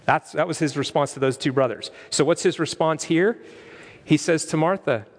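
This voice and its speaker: Energetic male preacher in a reverberant church. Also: fairly high pitch, normal speed. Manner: energetic, animated preaching with restarts. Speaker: pastor. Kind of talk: sermon. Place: church sanctuary.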